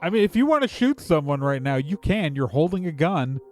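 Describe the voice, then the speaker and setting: A man running a tabletop game, his voice slightly high and very lively as he narrates. He meanders through descriptions with lots of "like" and "um", unhurried and easygoing. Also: soft background music. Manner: relaxed, rambling with many fillers. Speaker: game master.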